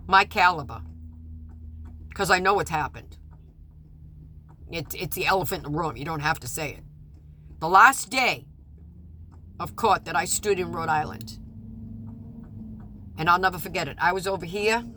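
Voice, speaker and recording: A woman giving personal testimony about a custody hearing, halting and restarting often, rising to indignation and dropping to quiet apology. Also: lowish voice, lively intonation, a little hiss or hum. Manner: halting, with many restarts and stammered repeats; swings between loud indignation and quiet apology. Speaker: mother recounting a custody case.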